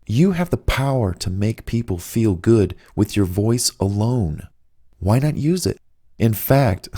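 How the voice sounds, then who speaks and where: A man giving relaxed, unhurried advice, drawing out his words with long pauses, reading his own audiobook. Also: deep voice. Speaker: audiobook author and narrator. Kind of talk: relaxed advice talk, slow and soothing.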